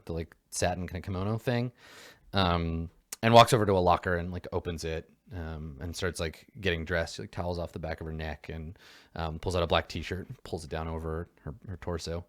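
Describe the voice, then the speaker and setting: A man with a lowish voice narrates as game master of a tabletop game. He rambles and pads his lines with fillers. The recording is dry and close. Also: a little fast, fairly bright tone, dry recording.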